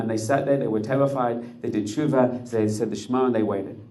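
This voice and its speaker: A man recounting a tense story, building suspense through clipped, punchy phrases. His delivery stays intense and deliberate, at an ordinary middle pitch. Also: fairly even intonation, warm tone. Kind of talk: dramatic storytelling.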